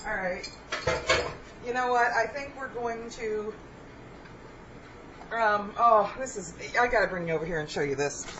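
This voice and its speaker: A woman's voice: mid-range voice, highs cut off, slight background noise. A woman hosting a home cooking video, chatting casually and laughing at her own kitchen mistakes. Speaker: cooking vlog host.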